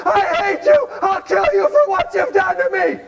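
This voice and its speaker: A man voicing a furious young wife who screams and curses at her husband through labor pains, his voice pushed up high and loud. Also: lively intonation, moderate pace, gravelly, echoey room, distant mic, lo-fi sound, heavily acted. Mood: screaming rage. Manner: shrieking, cursing.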